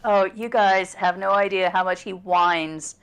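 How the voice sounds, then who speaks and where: A woman co-hosting a casual livestream as its producer, chatty and quick to laugh. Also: medium pitch, steady tone, clear, resonant tone. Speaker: producer and co-host.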